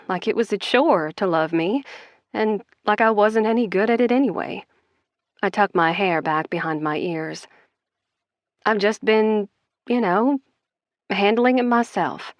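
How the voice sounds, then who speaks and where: A woman's voice: mid-range voice, expressive, unhurried, no echo, dull audio. A woman narrating a first-person romance audiobook in a wry, conversational way.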